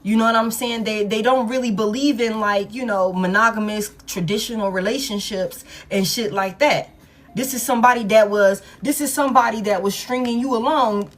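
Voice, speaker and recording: A woman giving a casual collective tarot reading, blunt and profane, who repeats her points for emphasis. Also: fairly high pitch. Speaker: tarot reader.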